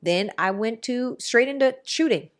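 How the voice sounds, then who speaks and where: A woman hosting a podcast in casual chat, telling stories in an animated, rambling way with quick asides. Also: a little high. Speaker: podcast host.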